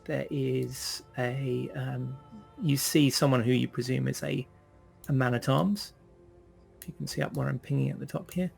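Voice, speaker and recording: Gravelly-voiced male game master. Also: medium pitch, faint music behind. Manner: relaxed, halting with fillers. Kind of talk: narrating a tabletop game.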